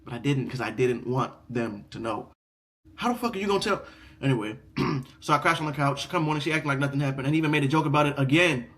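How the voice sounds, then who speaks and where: A young man hosting a casual reaction video who reads online stories aloud and then rants about them. He repeats himself and swears freely, swinging from loud outbursts to low mutters. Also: fairly even intonation, rapid-fire.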